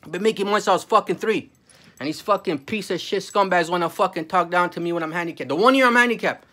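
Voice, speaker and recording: A man's voice: high voice, fast, bright, forceful tone. Angry ranting man. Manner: heated, profane, repeats 'bro'. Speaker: vlogger. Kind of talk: angry profane rant to camera.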